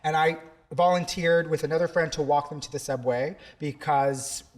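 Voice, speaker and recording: Give me a man from South Texas with a fairly high voice, telling an animated story in an interview. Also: normal speed. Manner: animated, many fillers and restarts. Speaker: theatre teacher and director.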